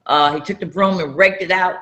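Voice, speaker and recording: A woman from North Carolina, telling a personal story in an interview and acting out the dialogue with loud outbursts. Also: fairly low pitch, fairly even intonation, fairly quick. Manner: acts out dialogue with sudden loud raised outbursts. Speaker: interview guest, entrepreneur.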